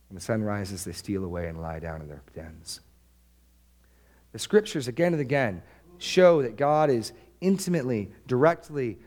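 A man preaching a sermon in a medium-pitched voice. He drops to quiet, low-key phrases and then climbs into emphatic, excited bursts. He repeats words as he drives home a point. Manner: preaching with swings from hushed to emphatic. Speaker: pastor.

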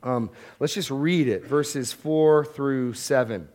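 A man's voice: mid-range voice, slow, a little mellow. Man in a teaching sermon, talky and informal, restarts phrases, mid-range voice. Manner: conversational, often repeats words as he restarts. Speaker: preacher. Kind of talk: expository Bible-teaching sermon.

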